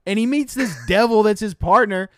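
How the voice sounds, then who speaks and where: A man co-hosting a podcast, chatting casually and telling stories in an animated, exaggerated way. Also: sits high, moderate pace, no room sound, clean studio sound. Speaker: podcast co-host. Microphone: podcast mic.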